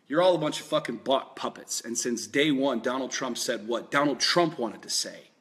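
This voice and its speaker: A man's voice: mid-range voice, lively intonation, normal speed, few pauses, fairly bright tone. A man giving a fired-up political monologue, emphatic and repetitive, with lots of swearing. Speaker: political commentator.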